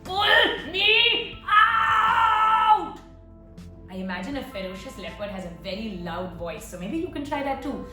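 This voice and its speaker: A woman telling a story to children, animated and encouraging, asking them to act along. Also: medium pitch, quick pace, hardly any pauses, echoey room, recorded from a distance, music in the background. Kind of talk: interactive children's story-time.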